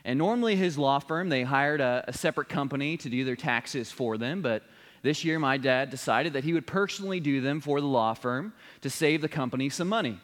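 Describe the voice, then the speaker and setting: Preacher telling a story in a big hall. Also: male voice, fairly high pitch, a bit bright. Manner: earnest storytelling, building to a solemn appeal. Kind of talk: sermon with personal story. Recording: long reverb of a large hall.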